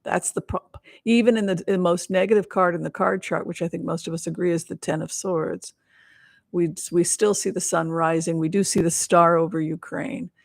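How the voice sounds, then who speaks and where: A woman's voice: fairly low pitch, steady tone, normal speed, creaky. A woman hosting a casual tarot reading livestream, earnest and at times dropping to near whispers. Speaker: psychic livestream host.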